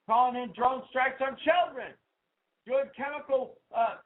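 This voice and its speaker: A man hosting his own talk radio show, ranting with heat and swinging from low asides to loud outbursts. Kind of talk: political talk radio rant. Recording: tinny phone-like sound.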